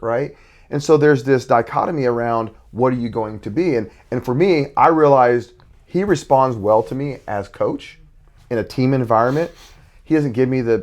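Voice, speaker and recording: A man's voice: medium pitch, a little mellow. A man talking as a podcast guest about being a father and youth coach, earnest and reflective, often restarting his sentences. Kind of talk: podcast conversation.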